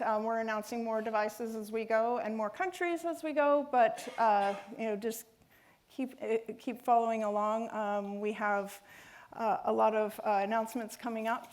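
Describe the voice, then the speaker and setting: Woman giving a conference talk, bit high voice, lots of ums and restarts. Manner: hesitant, many fillers and restarts. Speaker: conference speaker.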